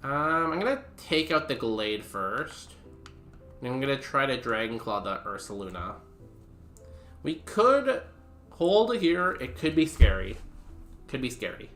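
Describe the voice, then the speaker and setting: Young male streamer, rambling casual commentary, bright tone, roomy sound with music under it. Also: mid-range voice, big pitch swings, measured pace, pauses often. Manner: rambling, filler-heavy chat with viewers.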